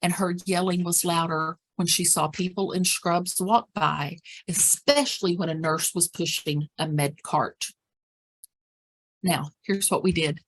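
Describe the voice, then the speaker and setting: A woman's voice: lowish voice, steady tone, unhurried. A woman presenting a dementia care training, speaking practically and repeating words for emphasis. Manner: acts out example phrases and whispers.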